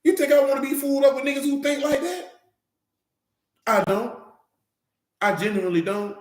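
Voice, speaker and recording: A man's voice: extremely high pitch, moderate pace, reverberant. A man preaching an informal Bible teaching, fiery and slangy, hammering his points with repeated rhetorical questions.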